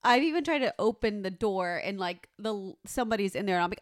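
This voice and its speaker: A woman telling a story in casual chat, animated, swearing freely and acting out what people said. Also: mid-range voice, quick pace, dry recording, studio quality.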